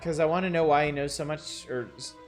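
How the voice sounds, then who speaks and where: A man's voice: on the high side, brisk, soft background music. A man streaming a role-playing game, casually musing through plans with hesitant restarts. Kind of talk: let's-play commentary.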